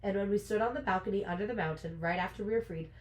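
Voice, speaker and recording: A woman reading aloud from a novel, voicing a powerful, brooding male high lord who has kept a secret. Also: rapid-fire, natural voice. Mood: pained. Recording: roomy echo.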